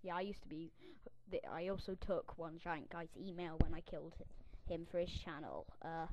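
A woman's voice: on the low side, steady tone, moderate pace, few pauses, a little mellow, slight background noise, poor audio. A young woman giving a casual tour of her website while screen recording, in a theatrical, self-mocking way with grumbling asides.

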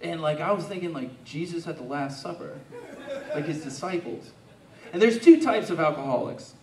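A young man doing stand-up comedy, with a halting, rambling delivery full of restarts. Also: fairly high pitch, expressive, warm tone, echoey room, recorded from a distance. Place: comedy club stage.

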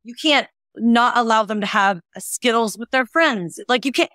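A woman's voice: fairly high pitch, moderate pace, dry recording, studio quality. A middle-aged woman, a fitness and nutrition guest on a podcast, chatting casually and acting out the dialogue in her stories. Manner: animated storyteller who acts out quoted dialogue.

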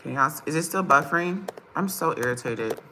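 A woman chatting casually on a livestream with her viewers, impatient and bantering with loud bursts. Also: sits low, expressive, a little fast, heavy background noise. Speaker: vlogger on a livestream.

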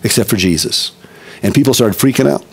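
A man's voice: medium pitch, fairly quick, creaky, husky. A middle-aged male pastor preaching a conversational expository sermon, with emphatic repetition.

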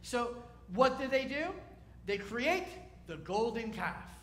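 A rabbi gives a sermon in a chatty, wry manner and keeps asking his listeners questions. His voice is high and lively. It echoes around the hall. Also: slow.

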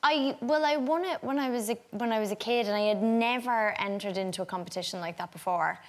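A woman's voice: a little high, a little fast. Chatty young Irish woman telling a story. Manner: chatty, many likes and restarts. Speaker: talk show guest. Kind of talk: casual chat anecdote. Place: TV studio with audience.

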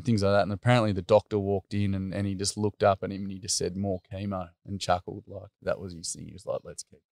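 Low-voiced, flat Australian man. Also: smooth, no room sound, clean studio sound. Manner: earnest, rambling with fillers. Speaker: interview guest. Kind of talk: personal storytelling.

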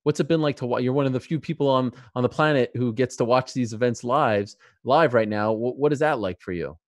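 A man hosting an interview, asking questions with halting restarts. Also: medium pitch, no echo, studio quality. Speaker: interviewer, host.

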